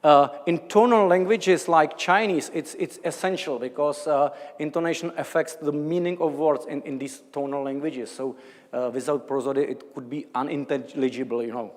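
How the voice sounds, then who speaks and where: In a large lecture hall, a man from the Czech Republic with a Czech accent delivers an academic talk hesitantly, with plenty of fillers and restarts. He speaks on the high side at a moderate pace.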